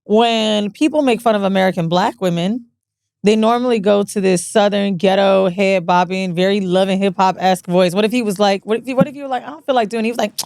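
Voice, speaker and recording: A woman's voice: mid-range voice, fast talker, gravelly, darkish tone, no echo, studio quality. Blunt woman pushing back. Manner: blunt, challenging, swears. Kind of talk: casual chat.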